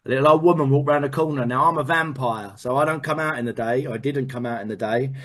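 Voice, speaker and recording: A man telling a personal recovery story in a candid, animated way, repeating words and swearing now and then. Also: mid-range voice, fast. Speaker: speaker sharing a recovery story.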